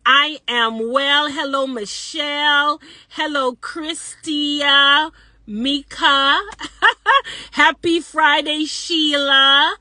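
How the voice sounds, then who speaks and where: A woman's voice: high voice, steady tone, drawn-out words, sharp tone, no room sound. An older woman hosting a casual live stream from a parked car on her phone, cheerfully greeting viewers in several languages. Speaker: social media live host.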